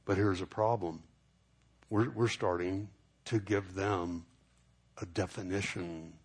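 A man's voice: low-pitched, slow pace, husky. A middle-aged man pastor preaching a sermon, telling a story and acting out the people in it. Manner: storytelling, animated when acting out dialogue.

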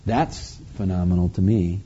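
A man preaching, reading scripture aloud slowly and then explaining it in a conversational way. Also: low-pitched, steady tone, mellow, husky. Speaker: pastor. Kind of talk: verse-by-verse Bible teaching. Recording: dull lo-fi recording.

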